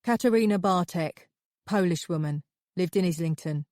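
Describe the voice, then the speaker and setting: A woman's voice: lowish voice, moderate pace, a little mellow, no echo, studio quality, lightly acted. A woman voicing a cold, detached male police officer who speaks in a clipped, patronizing, matter-of-fact way.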